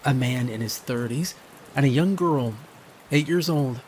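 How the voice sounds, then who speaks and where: Male horror storyteller; unhurried, grave, first-person scripted read. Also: mid-range voice, darkish tone, slight background noise. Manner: measured and grave.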